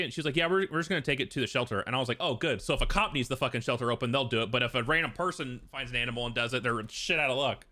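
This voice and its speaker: A man's voice: medium pitch, fast talker, sharp tone. A young man casually telling a long, rambling story, swearing often and filling it with "like". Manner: profane, rambling, full of fillers. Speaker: streamer.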